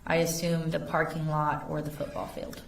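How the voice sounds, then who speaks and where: A woman investigator on the witness stand reads text messages aloud, measured and factual, her deep, low voice slightly gravelly. The courtroom is picked up from afar, echoing with a faint background hum.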